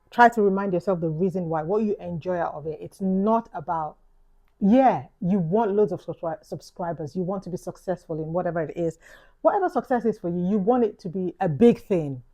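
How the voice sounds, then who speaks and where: A woman's voice: fairly low pitch, mellow, dull audio. A woman with a London accent giving an earnest, reflective vlog monologue, repeating key phrases for emphasis. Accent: London English. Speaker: YouTuber.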